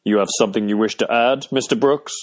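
Pompous butler guy in an audiobook, booming and formal, kinda unusual tone, a guy putting it on. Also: fast talker, close to an everyday voice. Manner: pompous, ceremonious. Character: formal boisterous male servant.

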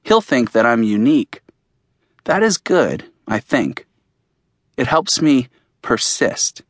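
A man narrates an audiobook in the first person. His voice sits at a middle pitch, and he tells the story plainly and earnestly. The recording is close and dry. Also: very animated, takes it slowly, dry recording.

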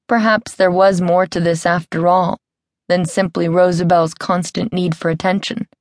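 Female audiobook narrator, low, measured, dry studio sound. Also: level tone, no room sound. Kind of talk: scripted narration. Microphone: close studio mic.

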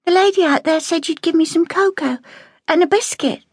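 A woman's voice: very high voice, a little fast, darkish tone, no echo, clean studio sound, voice pushed up. A woman voicing a shy, tearful little evacuee girl who speaks in a small, hesitant voice. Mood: timid.

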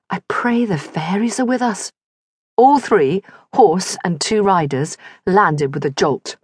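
A woman's voice: mid-range voice, dry recording. Woman reading an audiobook, lots of ups and downs, dry close sound. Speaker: audiobook narrator. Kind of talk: scripted narration.

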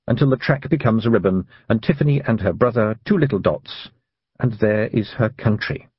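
A male narrator reads a children's fantasy story with a husky, breathy tone and a pitch that swoops up and down. The sound is dry and close, with a slightly dull, muffled quality. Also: dry recording. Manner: lively, expressive reading. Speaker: audiobook narrator.

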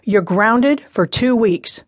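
A woman's voice: on the high side, lively intonation, slow, dry recording. A woman narrator voicing a stern, firm middle-aged father in an audiobook, speaking insistently. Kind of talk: audiobook character reading.

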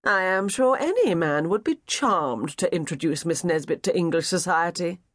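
A man voicing a courteous, flattering English gentleman gambler. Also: high-pitched, moderate pace, no room sound, clean studio sound. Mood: polite.

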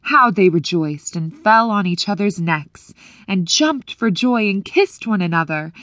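A woman reading a fairy tale aloud for an audiobook, clear and measured, her voice rising when the story turns to wonder. She sits at a mid pitch, recorded dry and close in a booth. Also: animated, fairly bright tone, no room sound. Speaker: audiobook narrator. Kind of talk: scripted narration.

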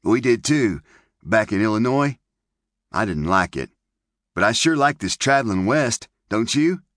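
A man's voice: fairly low pitch, expressive, measured pace, a bit bright, dry recording, clean studio sound, pitched above the performer's own voice. A man voicing an eager, chatty little pioneer girl in an audiobook.

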